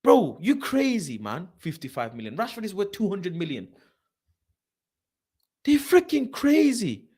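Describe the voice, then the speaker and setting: A man hosts a football channel, ranting in a casual live stream. He swears, reads things aloud off a screen and keeps breaking into loud mock outrage. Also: high voice, normal speed, hardly any pauses, husky. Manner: animated, exasperated, swearing, shouting in mock outrage.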